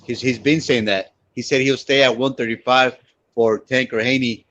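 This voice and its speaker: A man's voice: medium pitch, fairly even intonation, normal speed, a bit bright, highs cut off. A man on a live sports panel, insistent, repeating himself as he argues his point. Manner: insistent, repeats words when pressed. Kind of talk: heated live sports talk.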